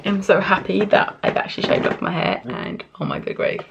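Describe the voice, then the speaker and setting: A woman's voice: lowish voice, brisk, vocal fry, muffled recording, noisy background. Chatty woman vlogging at home. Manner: chatty, excitable, swears freely. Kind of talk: casual vlog chat.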